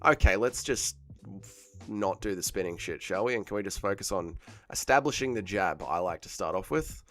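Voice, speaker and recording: A man's voice: deep voice, animated, normal speed, fairly bright tone. A man, hosting a casual fight watch-along stream and joking crudely as he reads chat aloud. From Australia. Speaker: livestream host.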